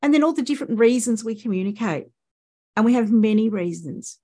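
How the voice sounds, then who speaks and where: A woman's voice: a little high, expressive, fairly quick, mellow, slightly rough. A woman with an Australian accent, a speech pathologist giving a conference presentation and explaining points with rhetorical questions to the audience.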